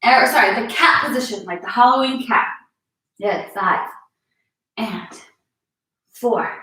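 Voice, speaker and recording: A woman's voice: on the high side, unhurried, pushed and bright, a little hiss or hum. A young woman leading a live-streamed yoga class, encouraging and a little out of breath as she cues each move. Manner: encouraging, cueing moves while exercising. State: slightly out of breath. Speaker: fitness instructor. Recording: echoey room, distant mic.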